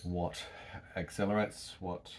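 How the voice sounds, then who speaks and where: A man with an Australian accent, calmly explaining and reassuring while caring for someone at home. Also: low voice, slow, a little hiss or hum. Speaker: carer and vlogger. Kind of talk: casual home vlog commentary. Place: home indoors.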